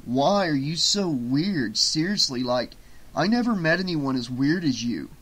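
A man voicing a loud, blustering, hot-tempered young man in an audiobook. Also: a little high, animated, a little slow, breathy edge, exaggerated voice. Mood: mocking. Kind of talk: audiobook character voice.

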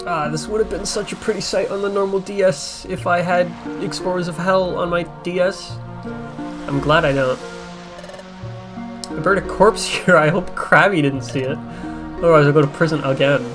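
A man giving casual, crude gameplay commentary, joking and swearing and breaking into excited outbursts. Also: sits high, normal speed. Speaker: let's play gamer. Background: faint game soundtrack music.

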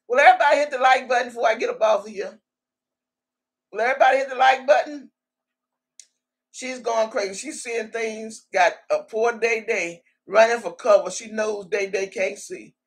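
A woman's voice: mid-range voice, fairly bright tone, husky. Giggly woman host reading live chat. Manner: laughs a lot, chatty and teasing; calls out viewer names one after another. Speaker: livestream host. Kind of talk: casual live chat, reading viewer comments.

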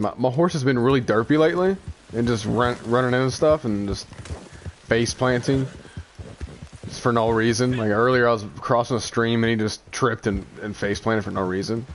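A young man giving casual gameplay commentary, excitable and quick to rant when things go wrong. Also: mid-range voice, a little hiss or hum. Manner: excitable, frequent exclamations, frustrated rants. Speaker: gaming YouTuber.

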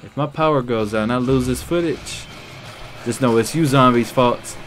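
A young man giving let's play commentary, loud and excitable, talking back to the characters on screen. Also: medium pitch, moderate pace, a little hiss or hum. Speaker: gaming YouTuber.

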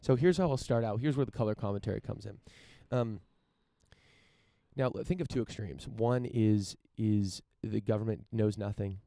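A man from the United States commenting casually on news and reading passages aloud, halting and repeating words as he searches for his point. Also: on the low side, vocal fry, dark tone, no room sound. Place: outdoors in front of a mansion.

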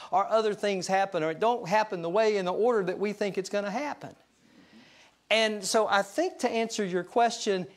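A middle-aged man preaching to his congregation, folksy and full of joking asides. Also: fairly high pitch. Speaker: pastor. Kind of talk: sermon. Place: church sanctuary.

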